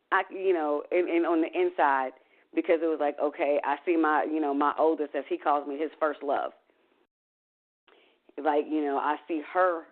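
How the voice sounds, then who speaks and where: A woman giving a candid, emotional account in an interview. She swears casually and trails off into fillers. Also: sits low. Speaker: interview guest. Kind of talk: candid personal storytelling. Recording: tinny phone-like sound.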